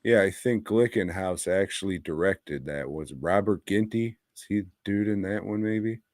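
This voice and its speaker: A man's voice: deep voice, normal speed, no echo, clean studio sound. A man co-hosting a podcast, reviewing movies in casual, profane chat and acting out quotes as he tells stories. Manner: profane, animated storytelling with acted-out quotes. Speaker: podcast co-host.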